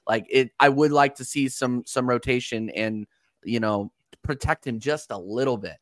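A man in casual football chat on a call, measured and a little hesitant, with ums and restarts. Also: mid-range voice, no echo, studio quality. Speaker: football panel guest.

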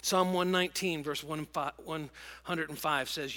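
A middle-aged man preaching a sermon to a congregation, telling stories in an animated, emotional way. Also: a little high, a little slow. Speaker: pastor. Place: large church auditorium with congregation. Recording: long church hall reverb.

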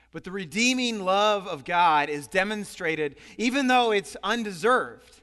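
A male pastor preaching in an animated, storytelling manner. His voice is high for a man and carries a long hall reverb around it. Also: a little slow, few pauses. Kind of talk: sermon.

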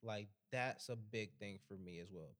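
A man's voice: fairly low pitch, normal speed, a crowd in the background. A man hosting a casual talk show, thinking aloud and repeating words as he builds his point. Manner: rambling, repeats words while building thoughts. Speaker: podcast host. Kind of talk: casual chat.

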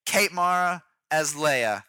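Bright-voiced man joking on a podcast. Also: on the high side, lively intonation, no echo, clean studio sound. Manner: jokey, quick, laughing. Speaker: podcast co-host. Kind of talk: casual podcast banter.

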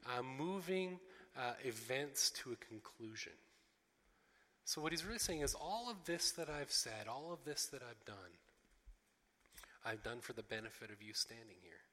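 Male pastor, earnest emphatic sermon, bright tone, reverberant sanctuary. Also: mid-range voice. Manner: earnest, emphatic preaching with many fillers and repeated phrases.

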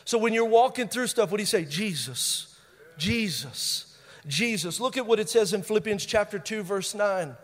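A male pastor preaching a sermon. He stresses key phrases by repeating them, and he moves between loud bursts and quiet, intense lines. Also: high voice, steady tone, fast talker, few pauses. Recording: long reverb of a large hall.

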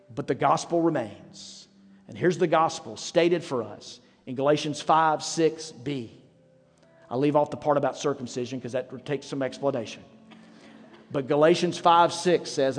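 Pastor preaching with a fairly high voice. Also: male voice. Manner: conversational storytelling preaching. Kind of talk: sermon. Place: church sanctuary. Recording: long hall reverb with faint music.

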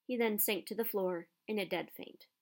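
A woman reading a children's novel aloud with expressive storytelling. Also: medium pitch, normal speed. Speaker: narrator. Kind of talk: audiobook narration.

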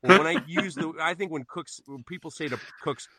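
A man's voice: fairly high pitch, brisk, bright, forceful tone, husky, dry recording. A man guesting on a podcast, chatting casually in a rambling, self-interrupting way and swearing freely. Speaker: podcast guest, knife maker.

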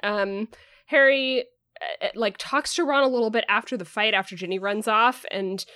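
This is a woman hosting a podcast, recapping a chapter in a loose, rambling way. She leans on "um" and "like" as she goes. Her voice sits a little high and sounds dry and close. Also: moderate pace, sharp tone, no room sound. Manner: rambling, filler-heavy, lots of "like" and "um". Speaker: podcast host.

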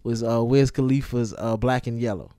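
A man in casual, profane conversation about hip-hop songs, animated and given to building up his points. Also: mid-range voice, normal speed, no echo, clean studio sound. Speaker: podcast co-host.

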